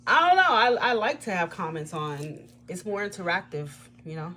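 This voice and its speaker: Blunt, animated woman tarot reader. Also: lowish voice, normal speed, slight background noise. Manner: blunt, swearing, laughing. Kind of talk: casual livestream chat.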